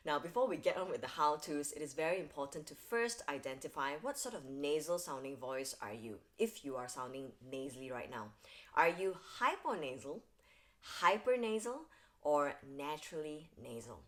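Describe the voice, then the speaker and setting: A young woman vocal coach giving an upbeat, clear singing lesson to camera. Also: low-pitched, sing-song, normal speed.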